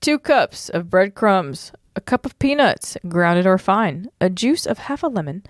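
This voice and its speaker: A woman co-hosting a casual podcast, reading old recipes aloud in a brisk, chatty rhythm. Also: mid-range voice, sing-song, no echo, studio quality. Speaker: podcast co-host.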